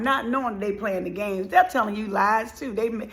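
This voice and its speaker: A middle-aged woman from tells her own life story as a motivational speaker, and her voice has a gravelly, creaky edge. She talks with a lot of feeling and acts out the people she quotes along the way. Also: medium pitch, normal speed, hardly any pauses, a bit bright. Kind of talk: personal storytelling monologue.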